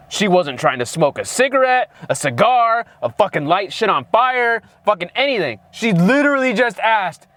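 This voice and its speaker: A man's voice: high-pitched, sing-song, normal speed, few pauses, fairly bright tone, no echo. A man co-hosting a casual movie review, ranting sarcastically with constant swearing and exasperation. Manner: heavily profane, exasperated, sarcastic. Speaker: movie reviewer, channel co-host.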